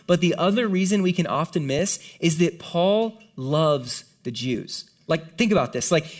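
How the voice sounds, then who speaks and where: A man preaching a sermon in a conversational, earnest way, acting out the voices of the people he quotes. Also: a little high. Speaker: pastor.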